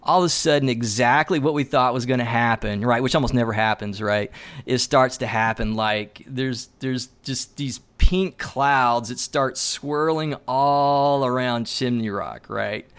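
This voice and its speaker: A man's voice: medium pitch, measured pace, clear, resonant tone. A man, a landscape photographer, telling a story in a casual chat, loose and chatty with lots of fillers, acting out what people said. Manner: animated storyteller who acts out dialogue.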